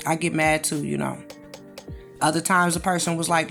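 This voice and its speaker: A woman's voice: low-pitched, steady tone, moderate pace, vocal fry, pauses often, fairly bright tone, faint music behind. Sassy preachy woman with a drawl. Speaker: commentary channel host. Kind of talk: casual monologue commentary.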